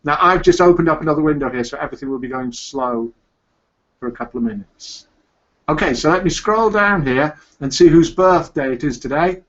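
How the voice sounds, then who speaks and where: A chatty, upbeat man hosts a live online show from a home computer, his voice sitting a little high for a man. The sound is dull and lo-fi, like a home webcast. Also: brisk, fairly bright tone. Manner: cheery, chatty, laughs easily. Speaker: host. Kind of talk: casual live show chat.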